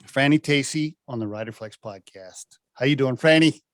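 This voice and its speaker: A man hosting a podcast, talking in an animated way, often stammering and sounding amazed. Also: mid-range voice, moderate pace, no room sound, studio quality, soft background music. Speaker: podcast host. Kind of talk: casual interview chat.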